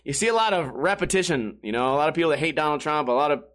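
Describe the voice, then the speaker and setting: A man's voice: on the high side, lively intonation, very fast, fairly bright tone. A young man hosting a casual solo podcast, rambling and swearing, laughing at his own bad luck. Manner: rambling, profane, self-mocking, laughs often. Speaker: podcast host.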